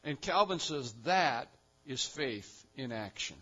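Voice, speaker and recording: A man preaching a sermon, building to loud emphatic repetitions and then dropping to quiet, low stretches. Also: expressive, slow, muffled recording. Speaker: pastor.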